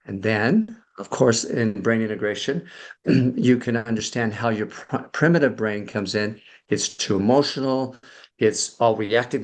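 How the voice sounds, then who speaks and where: Middle-aged male coach as podcast guest, mid-pitched, explains patiently with lots of ums and restarts. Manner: explanatory, many fillers and restarts. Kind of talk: conversational explanation.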